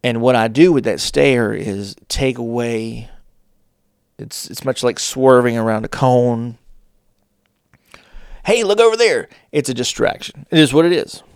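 A man hosting a casual advice talk, with deliberate pauses and playful shifts of tone. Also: medium pitch, creaky, smooth, no echo, studio quality. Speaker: host.

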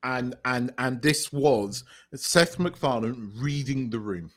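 A man's voice: mid-range voice, takes it slowly, a bit bright. A man co-hosting a podcast in casual, emphatic chat, swearing now and then. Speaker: podcast co-host.

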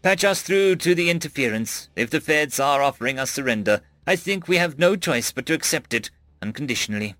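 A stern female general, as a male narrator puts her on, giving firm, clipped orders in a sci-fi audiobook. The voice is lively and close, with no room sound at all. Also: a little high, a little fast, hardly any pauses, no echo.

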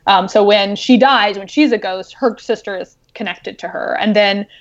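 A woman novelist talking casually about her writing, animated and excited, with many fillers. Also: mid-range voice, moderate pace, muffled recording. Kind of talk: casual podcast chat.

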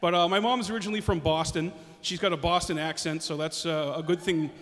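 High-voiced rambling comedian man. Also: steady tone, fast talker, a bit bright, long reverb tail. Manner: rambling, hesitant, with many restarts. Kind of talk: stand-up comedy storytelling.

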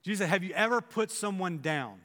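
High-voiced male pastor in a reverberant hall. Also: brisk. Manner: animated, acts out imagined voices of listeners. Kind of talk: sermon.

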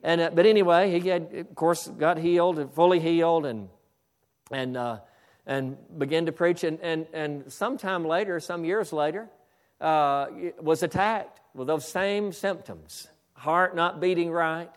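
Fervent high-voiced male preacher. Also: measured pace, clean tone. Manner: fervent, repetitive restarts, exclaims "hallelujah"; builds to shouting. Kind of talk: sermon.

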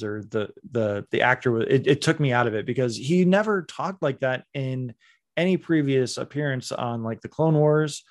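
Opinionated man in casual chat. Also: mid-range voice. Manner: animated, critical, mimics voices in quotes.

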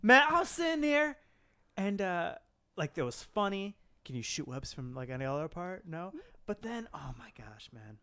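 A man gushes about movie moments in casual chat, swearing freely. His voice sits somewhat high and swings widely in pitch. His tone is bright and sharp. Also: big pitch swings, moderate pace, clear, resonant tone. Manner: enthusiastic, gushing, swears freely. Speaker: podcast co-host.

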